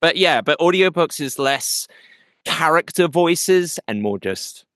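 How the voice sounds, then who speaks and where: Lively, animated man hosting an interview. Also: on the high side, slow pace, no room sound, studio quality. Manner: animated storyteller, slips into playful impressions. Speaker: podcast host. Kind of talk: casual interview chat.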